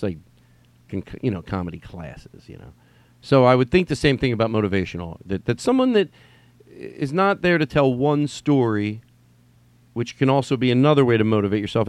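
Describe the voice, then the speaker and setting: Male podcast host, casual and meandering, mid pitch, dry close-mic sound. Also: clean tone, no room sound. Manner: rambling, swearing, mimics texts in sing-song voice. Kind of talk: casual rambling podcast monologue.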